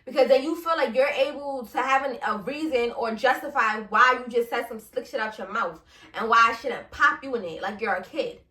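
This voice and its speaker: A young woman hosts a casual solo podcast in a high, bright voice. She talks bluntly and with a lot of animation, laughing and swearing as she goes. The room is echoey and she sits a little back from the mic. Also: fairly quick, recorded from a distance. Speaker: podcast host.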